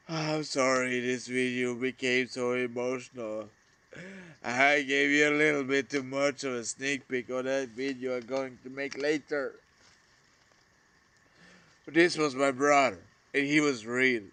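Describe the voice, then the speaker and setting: A man in a halting, emotional monologue to camera, often trailing off mid-sentence. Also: medium pitch, steady tone, sharp tone, smooth. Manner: halting, trailing off, addressing a lost brother. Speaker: vlogger.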